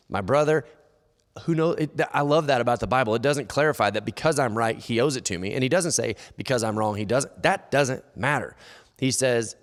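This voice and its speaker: A man's voice: medium pitch, fairly quick. A man preaching a sermon as pastor, conversational and acting out quoted inner dialogue. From United States. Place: church hall. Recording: long church-hall reverb.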